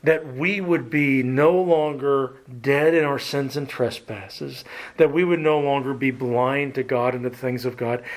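A man preaching a sermon in a slow, deliberate way, asking his listeners direct questions and letting his phrases trail off softly. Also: mid-range voice, fairly even intonation.

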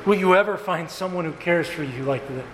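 A man preaching a sermon as pastor, earnest and emphatic, with slow stressed phrases and repetition. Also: high-pitched. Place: church sanctuary. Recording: echoey hall with faint room noise.

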